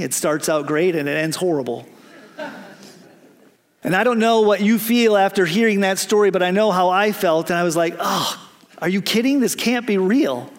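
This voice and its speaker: A man's voice: high voice, long reverb tail. A male preacher telling a story in a sermon with a light, humorous delivery.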